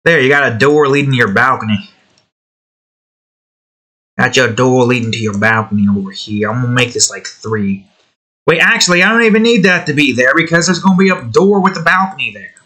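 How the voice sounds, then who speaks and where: A little fast and animated, this hobby game developer speaks in a mid-range voice that's bright and forceful. While casually building his own game he rambles and curses, talks to the pieces he's editing, and puts on a redneck drawl in jest.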